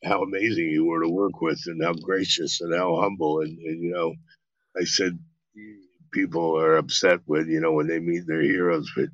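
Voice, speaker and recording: A man, an actor guest in an interview, telling lively stories full of swearing and acted-out quotes. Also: low-pitched, moderate pace, dry recording, muffled recording. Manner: animated, profane, acts out quotes. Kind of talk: storytelling interview.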